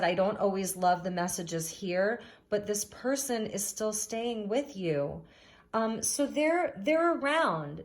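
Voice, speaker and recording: A woman giving a spiritual tarot reading to camera, speaking gently and reassuringly with frequent "um" fillers, recorded on a phone. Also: medium pitch. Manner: gentle, affirming, many "um" fillers. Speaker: tarot reader.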